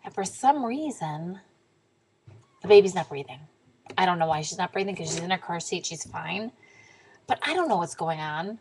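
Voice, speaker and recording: A young woman telling a story in a casual vlog to camera, animated and swearing freely, sometimes dropping to a whisper. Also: fairly low pitch, a little fast, slight background noise, rough recording. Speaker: diet vlogger.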